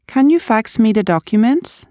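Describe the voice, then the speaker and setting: Female reader for language drills, clear and careful, dry close sound. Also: fairly high pitch, lively intonation, moderate pace, warm tone, dry recording. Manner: clear, careful delivery of polite requests. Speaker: reader of practice sentences. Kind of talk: reading English practice sentences.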